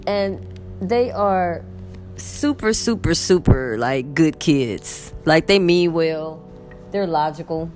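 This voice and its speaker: A woman teacher with a Texan accent telling a story in a casual, animated vlog from her bed. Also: low voice, slow pace, soft background music. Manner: animated, chatty, acts out quotes. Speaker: English teacher. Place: in bed at home.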